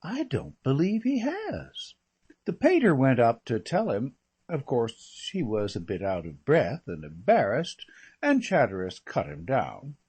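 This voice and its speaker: A man reading aloud as a chatty, flippant young English gentleman who rambles through gossip. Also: mid-range voice, huge pitch swings, a little slow, husky, full character voice. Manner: rambling, breezy, full of slangy asides.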